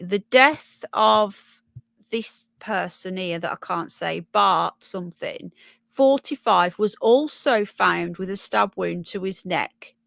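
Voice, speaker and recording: A Brummie woman from Birmingham, England, hosts a casual livestream, chatting and thinking aloud as she reads news and viewer comments, stumbling over names. Her medium-pitched voice is gravelly and a bit bright, in a dry recording.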